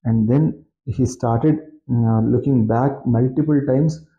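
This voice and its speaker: A man who recites scripture verses and then explains them slowly in plain words. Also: medium pitch. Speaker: scripture reader and teacher. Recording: roomy, muffled lo-fi audio.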